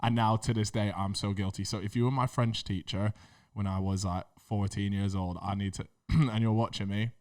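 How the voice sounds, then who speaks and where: Low-voiced Scottish young man. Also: moderate pace, clean tone. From Scotland. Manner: lively storytelling, swears freely. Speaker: podcast co-host. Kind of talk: casual chat.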